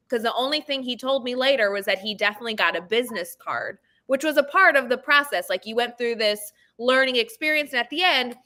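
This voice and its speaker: A woman educator speaks as a panel guest, and she is a chatty talker. Her voice sits a little high and sounds bright. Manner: chatty, self-described talker. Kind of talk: casual storytelling.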